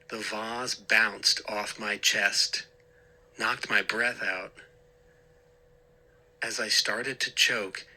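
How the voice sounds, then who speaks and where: A man reading a horror story aloud in a slow, dramatic manner. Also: on the low side, sharp tone, rough recording. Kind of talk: scripted horror story narration.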